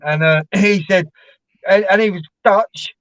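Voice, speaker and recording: A man's voice: high voice, a little slow, fairly bright tone, dry recording. A man telling rambling, laughing anecdotes as co-host of a live stream. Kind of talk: casual storytelling chat. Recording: dull lo-fi dry stream audio.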